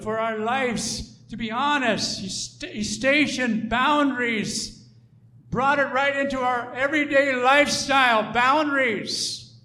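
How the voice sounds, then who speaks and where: A man preaching a sermon, emphatic and repetitive, swelling to loud declarations and dropping to soft asides. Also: extremely high pitch.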